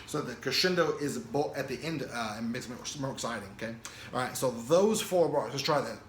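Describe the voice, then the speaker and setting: A man teaching snare drum parts, explaining rhythms casually and counting beats and stickings out loud. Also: mid-range voice, fairly quick, very noisy. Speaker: drum instructor. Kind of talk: casual instructional talk. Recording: echoey room with loud drumming.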